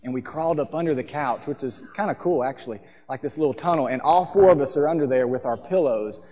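A man, preaching a sermon from a church stage and telling a lively story. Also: medium pitch, fast. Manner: storytelling, animated, acts out voices. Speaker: pastor. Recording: long hall reverb.

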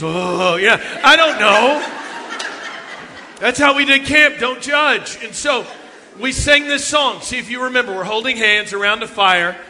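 A man, telling funny youth ministry stories in an animated sermon talk. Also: very high voice, slight background noise. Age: 50s. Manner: animated storytelling, jokes with the audience. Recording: long hall reverb.

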